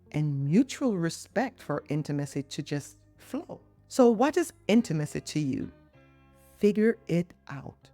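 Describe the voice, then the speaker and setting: Slow, mellow woman chatting. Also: medium pitch, no room sound. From Jamaica. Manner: playful, teasing asides to the listener. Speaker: podcast host and physician. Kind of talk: chatty podcast monologue.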